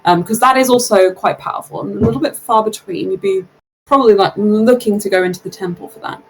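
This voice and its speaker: A woman running a tabletop game as game master, narrating scenes in a relaxed, hesitant way with many fillers. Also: medium pitch, fast talker, slightly rough, low-quality recording.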